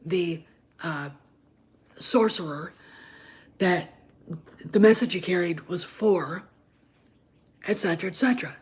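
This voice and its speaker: A woman, chatting casually on a livestream and rambling with many fillers and restarts. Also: fairly low pitch. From Wisconsin, US. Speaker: livestream host.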